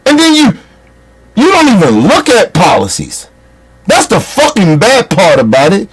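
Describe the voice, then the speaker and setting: A man with a fairly high voice holds forth in a fiery political monologue. He curses freely and scolds his audience with heated, blunt delivery. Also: wildly swooping pitch, moderate pace, slightly rough. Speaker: commentator.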